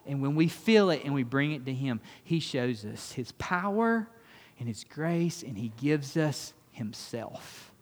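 A pastor giving a conversational sermon that turns emphatic, then closes in quiet prayer. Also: male voice, medium pitch, animated, a little slow. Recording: long reverb of a church hall.

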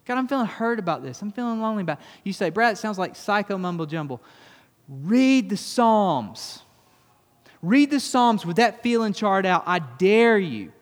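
A pastor giving a conversational sermon that turns emphatic, then closes in quiet prayer. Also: male voice, sits high, animated, fairly quick, hardly any pauses. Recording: long reverb of a church hall.

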